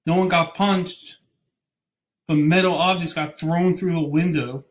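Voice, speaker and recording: Young guy ranting on his podcast, bit high voice, trips over names a lot, rambly. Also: steady tone, measured pace. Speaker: podcast host. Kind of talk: casual chat.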